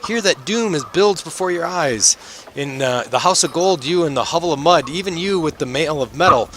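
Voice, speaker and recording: A man voicing a hoarse, ranting street prophet who proclaims doom with a cracking voice. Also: a little high, expressive, fairly bright tone, voice pushed up. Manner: proclaiming, dramatic, drawn-out. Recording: noisy home mic.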